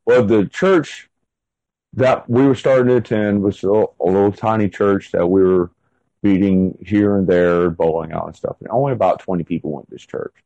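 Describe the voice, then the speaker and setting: A man in his thirties recounts events from his own life in an unhurried interview. His voice sits low and mellow, and he rambles, filling gaps with loose asides. The recording is dry and close. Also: steady tone, dry recording, dull audio. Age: 30s. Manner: rambling, full of "like" and "and everything" fillers. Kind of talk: casual first-person storytelling.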